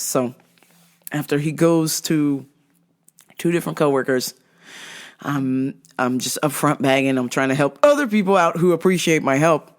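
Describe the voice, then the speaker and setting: A woman's voice: deep voice, moderate pace. A woman hosting her own show, telling a blunt, profane story in a casual monologue. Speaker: podcast host.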